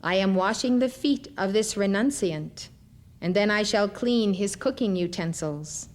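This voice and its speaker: A woman voicing a humble, serene, ageless male holy master who speaks gently. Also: high-pitched, lively intonation, measured pace.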